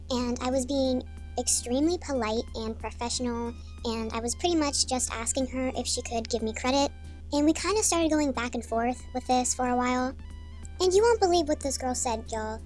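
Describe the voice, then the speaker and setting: High-voiced young woman telling a sassy storytime. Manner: chatty, exasperated, sassy asides. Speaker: vlogger. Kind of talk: storytime vlog. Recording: soft music behind.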